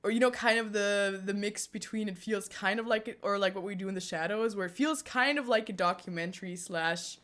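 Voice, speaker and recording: A young woman from Germany chats on a live stream, answering her viewers in an easy, talkative way. She breaks into giggles often. Her voice sits at a middle pitch for a woman. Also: a little fast, hardly any pauses, a bit bright. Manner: giggly, chatty, answers chat with frequent laughter. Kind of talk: casual live-stream chat.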